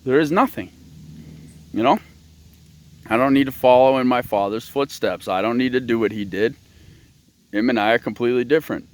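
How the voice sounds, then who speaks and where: Man, host, ranting monologue, blunt, swears a lot, rambling, mid pitch. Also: normal speed, pauses often.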